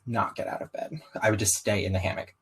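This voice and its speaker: A young man with a faint Southern twang tells his own story as an interview guest. His voice sits a bit low with a husky edge, and he talks in a loose, animated way, slipping into other people's voices for quotes. Conversational and candid throughout. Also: quick pace, rough recording. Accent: slight Southern US. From US, Southern-ish family. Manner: animated, frequent "like" asides, acts out quotes. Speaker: podcast guest.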